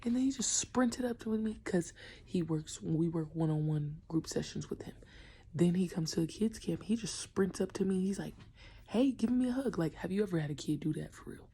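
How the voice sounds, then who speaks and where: Speaking briskly in a fairly low voice with a breathy edge, a young woman who coaches basketball chats casually in a vlog. Animated and slangy, she often half-whispers and plays out kids' voices.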